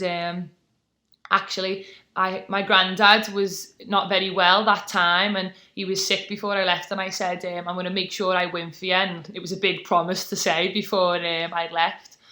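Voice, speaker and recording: A woman's voice: mid-range voice, flat delivery, normal speed, bright, forceful tone. A British woman in her twenties, a sportswoman telling her story in a casual podcast interview, chatty and full of fillers. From Britain. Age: 20s. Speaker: guest, taekwondo athlete.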